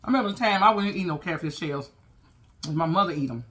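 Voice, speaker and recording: A man with a fairly high voice talks casually to his viewers between bites. He chats and tells stories while he eats. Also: animated, fast talker, a bit bright. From Chicago. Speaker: mukbang vlogger. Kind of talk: casual mukbang chat.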